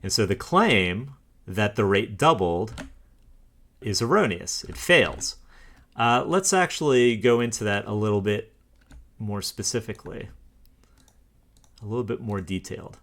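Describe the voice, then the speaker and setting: A man with a fairly low voice talks through graphs on his screen in a casual way. He argues against the claims he shows and scoffs at them, with short dismissive laughs. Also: lively intonation, a little slow, long pauses, a bit bright. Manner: scornful, argumentative, laughs dismissively. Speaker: commentator. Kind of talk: casual screen-share walkthrough.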